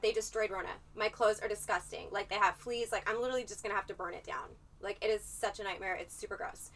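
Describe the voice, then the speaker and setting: A woman's voice: a little high, recorded from a distance. A woman livestreaming in a casual chat, rambling and swearing freely as she tells her story. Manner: profane, rambling, animated storytelling.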